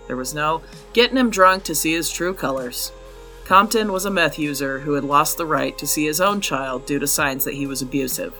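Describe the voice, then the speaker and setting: A man's voice: on the high side, sharp tone. A man hosting a true crime podcast, reading a scripted case with blunt, profane anger. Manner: blunt and profane, openly angry.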